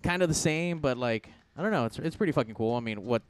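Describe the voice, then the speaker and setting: A man's voice: mid-range voice, lively intonation, fast, clear, resonant tone. A man hosting a casual podcast, with crude, joking banter and a Southern California accent. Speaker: podcast host. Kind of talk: casual raunchy podcast chat.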